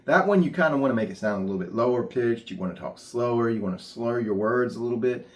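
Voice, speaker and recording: A man's voice: mid-range voice, lively intonation, quick pace. Plainspoken man teaching puppet voices. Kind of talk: casual instructional talk.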